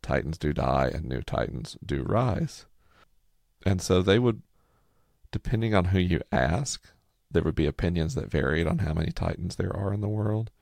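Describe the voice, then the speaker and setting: A man with an extremely low voice and a heavy gravelly fry talks in a relaxed, low-energy way as he co-hosts a podcast. His speech has a raspy edge, and the recording is close and dry. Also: moderate pace, no echo. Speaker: podcast co-host. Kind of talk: casual podcast chat.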